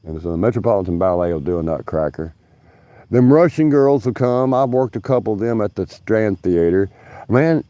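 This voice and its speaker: A low-voiced man with a drawl, telling loose profane stories to his livestream while standing out in his yard. The sound is dry and close, picked up by a phone camera set down nearby. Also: dark tone, dry recording. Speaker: livestream host, union stagehand. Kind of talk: rambling casual storytelling. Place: outdoors in his backyard.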